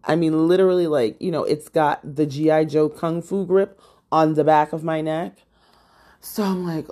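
A young woman podcast host telling a casual story in an animated, exasperated way, full of fillers. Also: sits low, normal speed.

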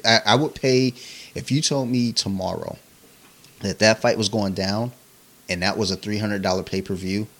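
A young man with a bright, forceful voice sitting low in pitch, chatting on a casual podcast. He talks bluntly and emphatically, swearing freely. His take comes out hard and direct. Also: fairly even intonation, moderate pace. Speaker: podcast co-host. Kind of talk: casual chat.

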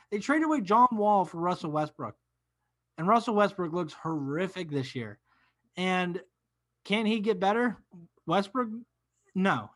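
Young guy on a sports podcast, kinda high voice, blunt takes, does goofy impressions of players. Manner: opinionated, acts out players in animated quotes. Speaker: podcast co-host. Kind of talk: casual sports talk.

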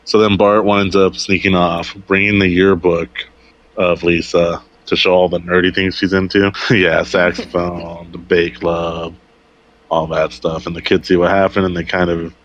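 Male podcaster, deep voice, meandering storyteller who acts out quoted lines; muffled lo-fi audio. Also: little pitch movement, a little slow, a bit bright. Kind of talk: casual chat, retelling a TV episode. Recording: dull lo-fi recording.

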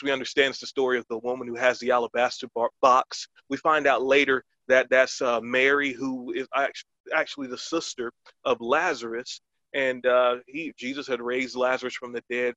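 A man's voice: medium pitch, fairly bright tone, no echo. Earnest podcast host man, dry dull mic. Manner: earnest, eager, lots of fillers. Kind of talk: christian podcast talk with prayer.

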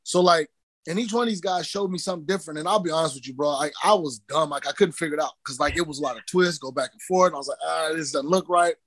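An animated man who tells stories casually, swears freely and slips into the voices of people he quotes. His voice sits a little high for a man. It is recorded close and dry, with no room sound. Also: racing, dry recording. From New Mexico. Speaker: cut man guest. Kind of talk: casual storytelling interview.

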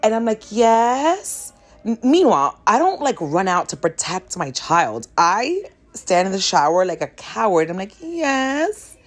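A woman's voice: on the low side, sing-song, moderate pace. A woman hosting a podcast, telling a candid, self-mocking story in a casual monologue. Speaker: podcast host.

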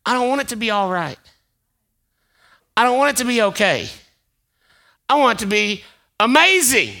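A man preaching a sermon as pastor, chatty and conversational, building up to shouted emphasis. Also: very high-pitched, very animated, moderate pace, vocal fry, pauses often.

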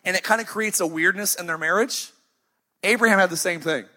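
Brief: man, 30s, pastor mid-sermon, husky and high, faint music under him. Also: sharp tone. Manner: emphatic, storytelling with sighs and dramatic pauses. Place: church sanctuary, live.

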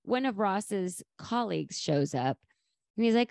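A woman's voice: mid-range voice, a little slow, creaky, no echo. Chatty woman, dry close sound. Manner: lively, acts out quoted lines with laughter. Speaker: podcast co-host. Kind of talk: casual chat recapping a sitcom episode.

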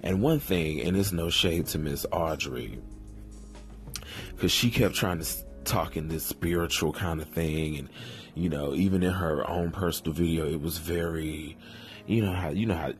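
A man hosting a podcast, delivering a sassy, drawn-out casual commentary full of cursing. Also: deep voice, faint music behind. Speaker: podcast host.

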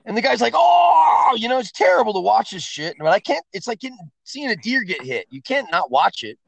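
A man, a podcast guest, telling crude, profane stories in a loud, animated way during a casual chat. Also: high voice, fairly quick, gravelly, husky, no room sound.

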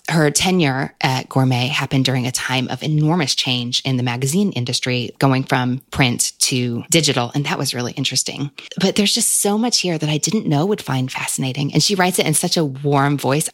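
A woman's voice: extremely low pitch, no echo. A woman hosting a podcast, chatting enthusiastically about books with frequent asides, recorded close on a studio mic. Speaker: podcast host recommending books. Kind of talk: casual conversational interview.

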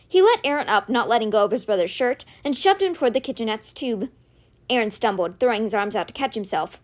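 Woman reading a novel aloud, animated. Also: on the high side, fast talker. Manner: expressive, animated storytelling. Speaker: audiobook reader.

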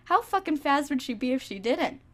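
A woman's voice: high-pitched, sing-song, brisk. A young woman co-hosting a comedy podcast, joking casually, often laughing and trailing off mid-sentence. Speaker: podcast co-host.

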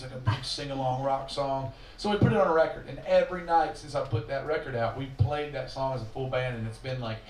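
A mid-range, slightly mellow male voice belongs to a singer-songwriter spinning a lengthy, foul-mouthed, self-mocking tale onstage between numbers. The distant live recording carries venue echo, audience ambience and slight background noise.

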